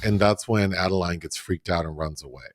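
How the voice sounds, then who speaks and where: Male podcast co-host, low voice, dry close sound, chatty recapper who acts out scenes. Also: brisk, no echo. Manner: chatty, laughing, acts out characters' lines. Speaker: film review podcast co-host. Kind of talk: casual recap chat.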